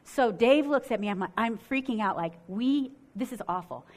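Woman, middle-aged, from Michigan, high voice, sermon storytelling, animated. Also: normal speed. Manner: animated, acts out quotes with swings in loudness.

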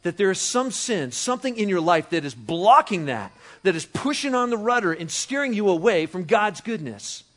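A man preaching a sermon as pastor, conversational and animated, moving from hushed to loud and emphatic. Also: sits high, moderate pace, few pauses. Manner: conversational with frequent restarts and chuckles.

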